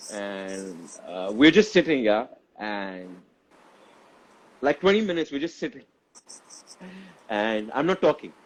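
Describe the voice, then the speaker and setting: Animated storytelling man. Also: fairly low pitch, slow pace, pauses often, poor audio. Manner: animated, acts out his own past dialogue. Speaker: actor guest. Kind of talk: emotional personal storytelling. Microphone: phone on a live video call.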